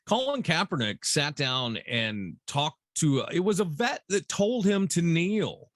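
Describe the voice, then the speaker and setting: Animated, exasperated man, swings in pitch. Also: a little slow. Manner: animated, swearing, rants with exasperation. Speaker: podcast co-host. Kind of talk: casual chat.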